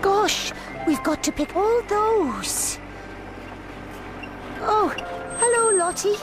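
Super high squealy farm girl, slow and bouncy. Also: expressive, over music, heavily acted. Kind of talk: cartoon voice acting.

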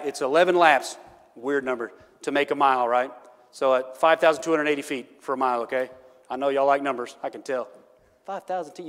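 A middle-aged male pastor preaching a sermon, telling folksy stories, laughing often and checking in with "right?". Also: a little high. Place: church sanctuary. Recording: church hall reverb.

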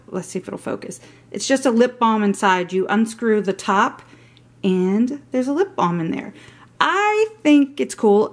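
Chatty gushing woman vlogger. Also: medium pitch. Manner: chatty and gushing, rambling asides. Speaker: haul vlogger. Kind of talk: casual show-and-tell vlog.

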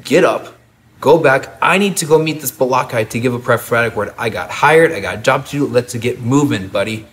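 A man's voice: medium pitch, fairly quick, fairly bright tone, slight background noise, natural voice. A man playing an easygoing hired prophet who talked in a casual, slangy way. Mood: breezy.

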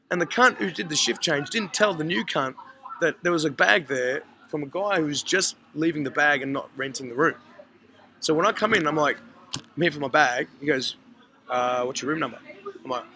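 A man's voice: on the high side, poor audio. A man casually telling a long, sweary story to friends, acting out what everyone said. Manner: animated, sweary, acts out quotes. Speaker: podcast host telling a story. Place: hostel common area, indoors.

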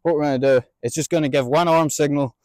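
A man training a sheepdog outdoors, explaining each step and calling out drawn-out commands to his dog between explanations. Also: fairly high pitch, steady tone, darkish tone, no echo. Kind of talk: outdoor instructional demonstration.

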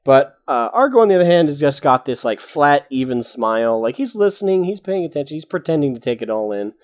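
A man's voice: a little high, sing-song, brisk. A man narrating as game master of a tabletop game, casual and full of fillers. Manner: casual, rambling with many fillers.

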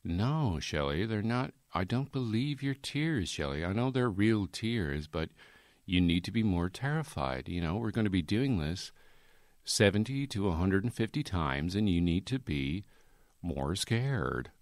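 A man putting on the voice of a weary older American film director, coaxing an actress in a quietly disapproving tone. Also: low voice, big pitch swings, measured pace, dry recording, clean studio sound, heavily acted. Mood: disappointed.

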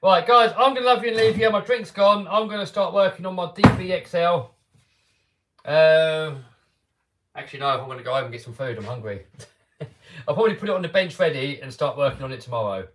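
A man's voice: a little high, lively intonation, a little fast, heavy background noise. A man with an English accent, talking casually and upbeat to viewers on a live stream, with lots of restarts and fillers. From England. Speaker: RC car YouTuber hosting a live stream.

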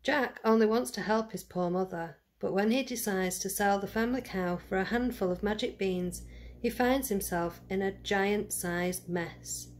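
A woman reading a fairy tale aloud to children, gentle and speaking to them directly. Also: mid-range voice, moderate pace. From United Kingdom. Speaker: storyteller for children. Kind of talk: read-aloud storytelling.

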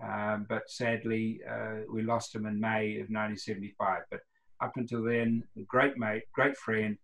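A man's voice: on the low side, level tone, moderate pace, vocal fry, a bit bright, poor audio. A man from New Zealand around seventy with a New Zealand accent, telling rambling anecdotes in a casual interview and acting out the quoted lines. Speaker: guest, retired runner.

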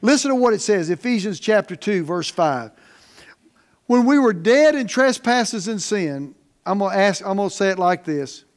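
A male pastor preaching with a notably high-pitched voice. His delivery is emphatic and folksy, pushing hard on key words and then dropping into soft, plain-spoken asides to the congregation. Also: expressive, moderate pace. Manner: emphatic preaching, swings from loud stresses to quiet asides. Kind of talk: sermon.

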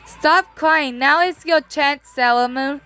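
A woman's voice: high voice, slow, sharp tone, slight background noise, full character voice. Luna, a woman doing a bossy talking cat. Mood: instructive. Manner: firm, instructing.

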